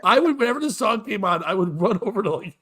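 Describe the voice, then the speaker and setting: A man with a slightly high voice tells a story on a casual talk show. His delivery is profane and lively, and laughter runs through it. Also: fast talker, husky. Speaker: show host and comedian.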